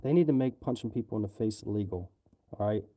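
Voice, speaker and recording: A man's voice: lowish voice, fast, warm tone. An American man ranting on a livestream in an angry, profane, heated way. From United States. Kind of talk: livestream rant.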